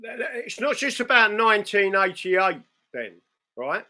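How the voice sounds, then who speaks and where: High, indignant man heckling with challenges. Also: very animated, slow, bright, forceful tone. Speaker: commentator interrupting the interview.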